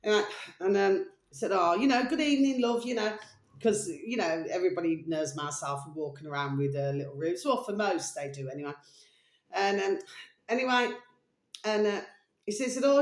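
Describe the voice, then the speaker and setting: Woman, rambling sweary vlogger, middle pitch, echoey room. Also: lively intonation, fairly quick. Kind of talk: casual rambling monologue.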